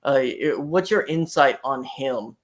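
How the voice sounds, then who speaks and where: A man hosts a casual podcast in a medium-pitched voice. He chats easily and turns questions over to his guest. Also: measured pace. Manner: easygoing, asks guests questions. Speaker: podcast host.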